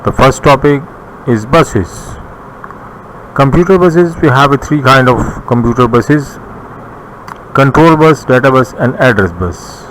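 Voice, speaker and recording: A man with a Bangladeshi English accent teaching a recorded computer lesson, reading his notes slowly with pauses and some restarts. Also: mid-range voice, lively intonation, fairly bright tone, poor audio. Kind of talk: recorded classroom lecture. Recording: faint background noise.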